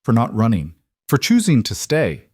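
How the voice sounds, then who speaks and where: A man voicing a vulnerable woman executive who speaks softly and tearfully, in a dry recording. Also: medium pitch, huge pitch swings, moderate pace, breathy edge, dry recording. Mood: tender. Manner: soft, tearful.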